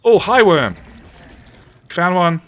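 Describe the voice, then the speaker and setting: A man's voice: sits high, sing-song, takes it slowly, a bit bright. A man streaming a game live and chatting with viewers in a loose, joking, self-mocking way, often restarting his sentences and casually swearing. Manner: casually profane.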